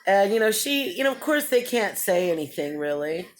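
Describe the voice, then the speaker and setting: A woman with a mid-range, very animated voice speaks at a moderate pace in a casual vlog update. She rambles through a chatty story, laughing often and acting out the lines other people said.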